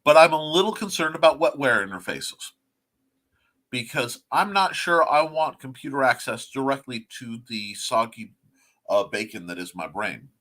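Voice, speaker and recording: Rambling bright-voiced male host. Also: mid-range voice, lively intonation, normal speed. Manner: rambling, filler-heavy, many restarts. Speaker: talk show host. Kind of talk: casual livestream chat.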